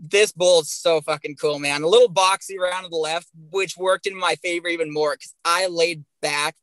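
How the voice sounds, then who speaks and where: A young man tells his stories with real energy, swearing all the way through. His voice sits a bit high and sounds bright and sharp. The recording is dry and close. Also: moderate pace, no room sound, poor audio. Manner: animated, swears constantly. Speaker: guest, pro bull rider. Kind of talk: profane storytelling on a podcast.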